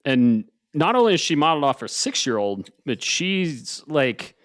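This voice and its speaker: A man's voice: fairly high pitch, very animated, normal speed, no room sound. Laid-back swearing man, dry sound. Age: 40s. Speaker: podcast host. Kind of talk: casual chat.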